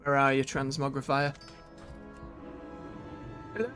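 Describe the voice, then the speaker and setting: A man's voice: mid-range voice, takes it slowly, over music. A man chatting casually as he plays a video game on stream, thinking aloud and correcting himself.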